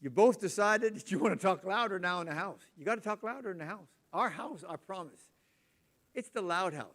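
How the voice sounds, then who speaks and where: Older guy in his 60s preaching, pretty high voice, loud and lively storytelling. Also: a little fast. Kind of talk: sermon with personal stories.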